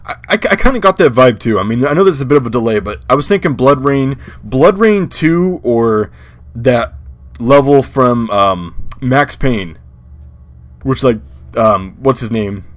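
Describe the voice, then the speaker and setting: A man's voice: medium pitch, lively intonation, a little slow, dry recording. A young man casually commenting while streaming a game, rambling with restarts. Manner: rambling, many fillers and restarts. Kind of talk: casual let's-play commentary.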